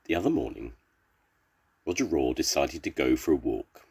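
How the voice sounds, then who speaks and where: Older man reading a kids' story, deep husky voice, lively pitch. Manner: slow, expressive storybook reading. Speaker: storyteller grandfather. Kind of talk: reading a children's story aloud.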